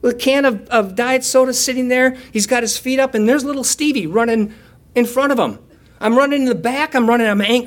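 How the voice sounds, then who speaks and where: A male pastor preaches in an easy, talky way. He slows down for quiet reflection, then gets lively as he tells a story. He often pokes fun at himself with playful asides. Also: extremely high pitch. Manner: conversational and self-deprecating, with playful asides and laughter. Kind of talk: sermon.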